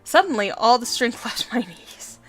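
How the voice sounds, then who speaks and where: A woman's voice: a little high, very animated, normal speed, faint music behind. A young woman hosting a let's play, reading a visual novel aloud with giggly, chatty asides.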